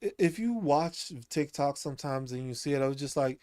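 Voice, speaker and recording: A man's voice: on the high side, expressive, brisk, hardly any pauses, a little mellow, dry recording, clean studio sound. A man talking casually as a streamer, rambling, repeating himself and laughing often. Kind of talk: casual monologue.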